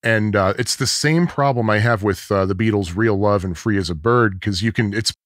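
A man's voice: lowish voice, normal speed, a bit bright, dry recording, clean studio sound. A man co-hosting a casual music podcast, humming parts of songs to make his points. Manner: sings sounds and riffs to show music. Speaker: podcast co-host.

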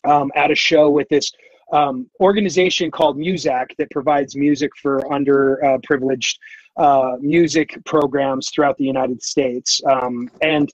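A man's voice: medium pitch, fairly even intonation, moderate pace, no room sound, highs cut off. A man telling a story in casual chat as a podcast guest, rambling with lots of fillers and restarts.

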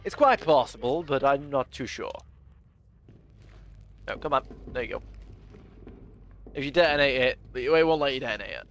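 A man's voice: mid-range voice, lively intonation, normal speed, long pauses, a bit bright. A man streaming a video game, giving chatty, often exasperated commentary. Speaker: gaming streamer. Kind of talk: casual gameplay commentary.

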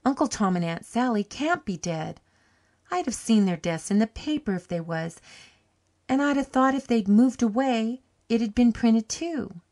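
A woman's voice: on the high side, expressive, normal speed, darkish tone, pitched above the performer's own voice. A woman voicing a humble young country farmhand. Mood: dismayed. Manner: rustic country dialect. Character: earnest young male farmhand, plainspoken and humble. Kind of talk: audiobook character reading.

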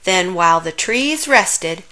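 Slow, lilting woman reading a children's story. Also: fairly low pitch, lively intonation, pushed and bright. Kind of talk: children's read-aloud narration.

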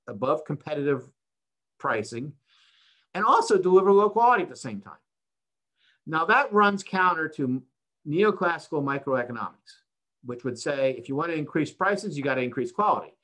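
A man's voice: fairly high pitch, fairly bright tone. An older man, a professor of accounting, giving an online seminar lecture, explaining step by step with rhetorical questions and frequent "right?" checks.

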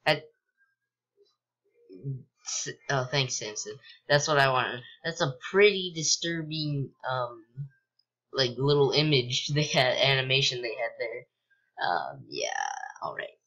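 A man's voice: mid-range voice, slow, pauses often. Give me a young man casually rambling through a let's-play on a home mic, with a muffled lo-fi sound. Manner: rambling, lots of ums and likes, sudden excited yelps. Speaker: gameplay commentator.

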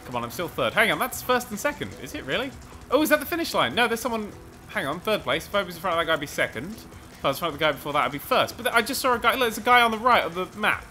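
A man commentating a video game race, excitable and sweary, rambling and mocking himself, a little out of breath. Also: high voice, rapid-fire, faint music behind. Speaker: gaming commentator. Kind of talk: let's play commentary.

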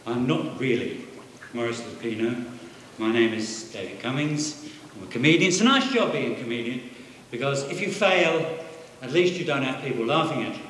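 A man's voice: mid-range voice, animated, moderate pace, background noise. A man, a comedian, talking to a conference audience in a dry, self-mocking way. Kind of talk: stand-up comedy. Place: large conference hall. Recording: echoey hall with long reverb.

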